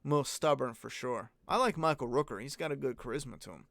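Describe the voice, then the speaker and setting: A man's voice: medium pitch, animated, fairly quick, creaky, a bit bright, no echo, studio quality. A man hosting a casual live-stream Q&A, talking bluntly and rambling, with plenty of swearing. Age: adult parent. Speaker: host answering viewer questions.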